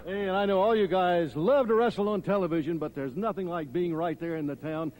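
A man's voice: high voice, brisk, a little mellow. A man hosting a wrestling TV show, introducing guests and segments in an upbeat promotional voice. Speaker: wrestling TV host. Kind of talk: TV wrestling announcing.

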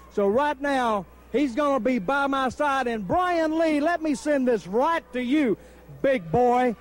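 A man cutting a wrestling promo in a very high voice, spinning a folksy tale between boasts. He taunts his rival with a cocky, drawling ease. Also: animated, a little slow. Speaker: pro wrestler.

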